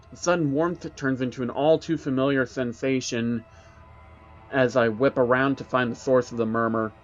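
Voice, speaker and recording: Man narrating a horror story over music. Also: medium pitch. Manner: dramatic, tense, storytelling delivery. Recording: dull recording with background music.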